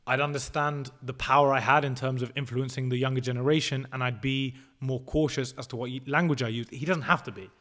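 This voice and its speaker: A man's voice: medium pitch, fairly even intonation, brisk, hardly any pauses, a bit bright. Blunt young man explaining his views. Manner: assertive, explains things step by step, swears freely. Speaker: podcast guest. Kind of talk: casual podcast interview.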